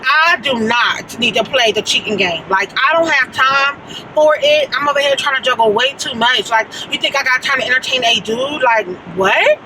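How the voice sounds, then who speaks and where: A woman in her late thirties telling a story on her vlog, animated and dramatic, full of slang. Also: high voice, normal speed, distant mic, background noise. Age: late 30s. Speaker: vlogger.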